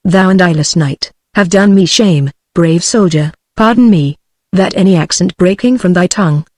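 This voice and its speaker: A woman's voice: lowish voice, moderate pace, no echo, clean studio sound, close to an everyday voice. A British woman's synthetic voice reading loyal knight Hubert. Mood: reporting. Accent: British English. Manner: flat, unvaried synthetic delivery. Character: Hubert, loyal anxious male English knight.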